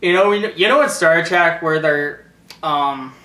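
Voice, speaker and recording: A young man giving a casual movie review, animated and laughing often, swearing freely. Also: a little high, measured pace, echoey room.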